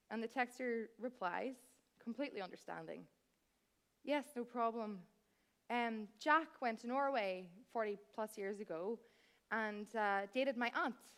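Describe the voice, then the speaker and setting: A woman in her thirties, telling a comic, wry story on stage as a cabaret performer and speaking straight to the audience. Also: mid-range voice. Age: 30s. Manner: chatty, wry, addresses the audience directly. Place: theatre stage.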